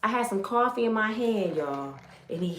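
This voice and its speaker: A woman's voice: mid-range voice, animated, normal speed, fairly bright tone, reverberant. A woman from Michigan giving an emotional personal testimony, telling her story with animation and speaking straight to her viewers.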